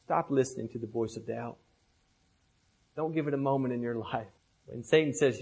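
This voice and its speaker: A young man preaching a sermon with impassioned, rhythmic repetition, often dropping softly at the ends of phrases. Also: medium pitch, moderate pace, vocal fry, breathy edge, poor audio.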